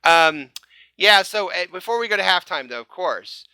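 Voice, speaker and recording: A man's voice: high-pitched, animated, normal speed, sharp tone, smooth, no echo. A man hosting a casual fan-show podcast, upbeat, laughing often and stumbling over repeated words. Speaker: podcast host.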